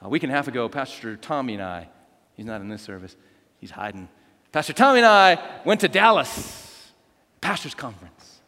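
Pastor, male, bright forceful delivery, lively storyteller, big reverberant church hall. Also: medium pitch, normal speed. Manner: animated storytelling with acted quotes. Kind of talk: sermon.

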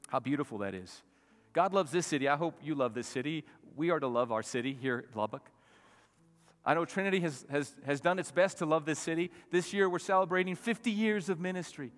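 Emphatic pastor in a reverberant hall. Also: male voice, a little high, a little fast, soft background music. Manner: rising to loud emphatic peaks, dropping to soft asides. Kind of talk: sermon. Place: church sanctuary. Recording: long reverb of a church hall.

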